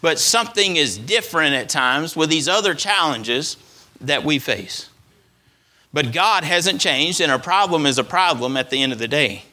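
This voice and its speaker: A man's voice: fairly high pitch, lively intonation, normal speed, sharp tone. A man preaching a sermon as pastor, repeating phrases for emphasis and letting his voice rise and fall. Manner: preaching with rising and falling emphasis.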